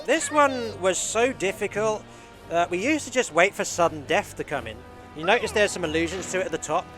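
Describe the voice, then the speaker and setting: A speedrunner talking through his own game run live, explaining each move in a steady, easy way with many fillers. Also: high-pitched.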